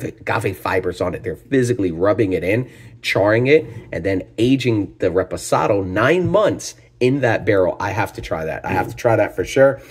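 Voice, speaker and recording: A man's voice: fairly low pitch, breathy edge. A man hosting a casual tequila tasting review, talking enthusiastically and exclaiming over each aroma. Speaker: tequila reviewer, channel host.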